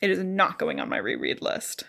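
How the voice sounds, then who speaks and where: A woman's voice: fairly low pitch, huge pitch swings, moderate pace, gravelly, a bit bright. A young woman co-hosting a casual book podcast, chatty, recapping plot with offhand opinions. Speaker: podcast co-host.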